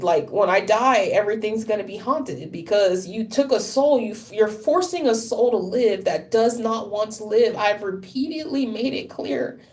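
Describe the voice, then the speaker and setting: A woman's voice: medium pitch, a little mellow. A tired woman talking on a casual livestream, rambling, swearing and sounding frustrated.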